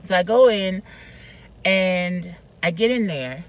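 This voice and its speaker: Woman vlogger, storytime, chatty and slangy, swings from hushed to loud. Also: lowish voice, lively intonation, slow, poor audio. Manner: chatty, slangy, lots of "like" and "you know". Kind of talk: casual storytime.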